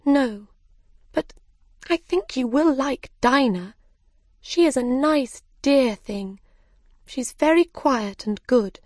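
A woman's voice: slow, long pauses, dry recording, clean studio sound, heavily acted. A woman voicing Alice, a curious and polite little girl, in a storybook reading. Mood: eager, apologetic. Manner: high, excitable and apologetic.

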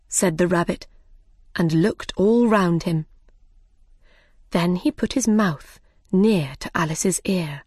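A woman's voice: fairly low pitch, takes it slowly, pauses often, breathy edge, no room sound, clean studio sound. A woman reading a simplified storybook aloud as narrator.

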